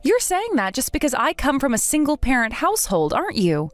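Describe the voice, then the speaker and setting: A woman's voice: high-pitched, huge pitch swings, a little fast, faint music behind. A synthetic woman voicing bickering young female rivals. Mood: heated. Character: two bickering young women, rivals from school. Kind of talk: text-message story read by synthetic voice.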